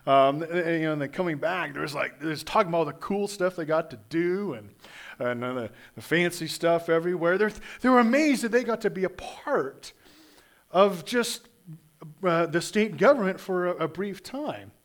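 A man from Kansas delivers a sermon in an easygoing, conversational way. His voice sits a little high for a man, and he keeps stumbling over and repeating words as he talks. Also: normal speed. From Kansas, USA. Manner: conversational, animated, many restarts and stammered repeats. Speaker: pastor.

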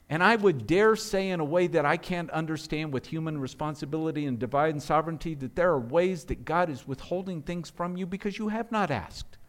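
A middle-aged male pastor preaching a sermon with earnest rhetorical questions, often restarting his words. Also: a little high.

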